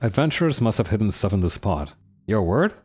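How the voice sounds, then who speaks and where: A man's voice: fairly low pitch, very animated, a little fast, a little mellow, husky. A man casually commenting on a role-playing game as he plays, with a wry, sarcastic manner, reading the game's text aloud along the way. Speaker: gaming streamer playing a role-playing video game.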